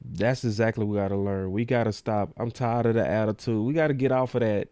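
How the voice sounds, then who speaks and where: A man's voice: fairly low pitch, fairly even intonation, fast, warm tone, clear, resonant tone, no echo. A man hosting a sports talk show, ranting in a casual, slangy way.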